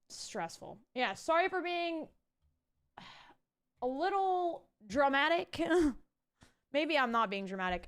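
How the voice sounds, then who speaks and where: Chatty streamer woman, smooth voice. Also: fairly high pitch. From Canada. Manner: animated, ranty, swears casually, talks to chat. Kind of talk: casual live-stream chat.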